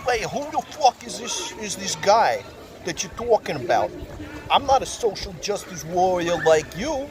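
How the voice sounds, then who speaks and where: A man's voice: high voice, very animated, a little slow, a crowd in the background, voice pushed up. Brash Jersey mom, as a man puts her on. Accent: New Jersey. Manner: loud, blunt, swearing. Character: brash middle-aged Jersey mother, blunt and dismissive. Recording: loud wind noise outdoors.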